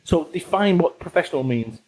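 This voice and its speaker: A man's voice: a little high, expressive, fairly quick, darkish tone. Blunt, punchy Salford man. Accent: Northern English, Salford. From England. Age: 40s. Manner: blunt, swearing, motivational, repetitive emphasis. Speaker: podcast guest, business author. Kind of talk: casual interview chat.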